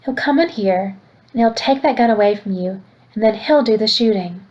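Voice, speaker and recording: A woman reading aloud, voicing an upset grandmother who shouts through tears. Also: mid-range voice, moderate pace, lo-fi sound, close to an everyday voice. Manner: shouting, pleading.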